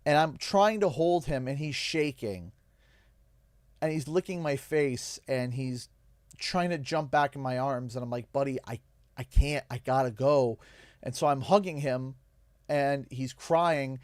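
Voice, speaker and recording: Young canadian guy on stream, choked up and halting, dry close mic. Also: mid-range voice, no room sound. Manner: halting, emotional, pausing often. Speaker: livestream host. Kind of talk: emotional storytelling on a game stream.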